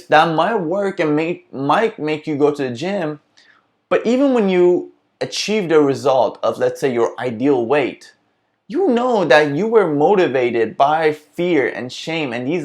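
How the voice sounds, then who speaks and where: A man's voice: on the high side, lively intonation, a little slow. A man hosting a casual self-help vlog, talking earnestly and reflectively, often restarting his sentences as he thinks aloud. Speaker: vlog host.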